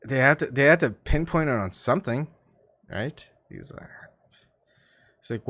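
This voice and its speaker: A man's voice: medium pitch, lively intonation, normal speed, long pauses, a bit bright, no echo. A man hosting his own channel, chatting casually to his live-stream viewers in a rambling, self-mocking way with lots of fillers and restarts. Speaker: YouTube channel host.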